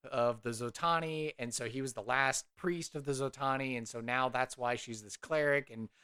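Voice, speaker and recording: A man narrating his character at a tabletop game in a loose, rambling way. His voice sits at an ordinary middle pitch, full of "like" and "uh". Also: normal speed, bright, forceful tone, clear, resonant tone. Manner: rambling, many fillers. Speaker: player.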